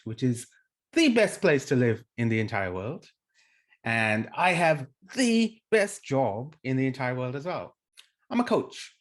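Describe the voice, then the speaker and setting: A man, a life coach, hosting his channel with an animated, upbeat solo welcome talk to viewers. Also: medium pitch. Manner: animated, acts out example dialogues.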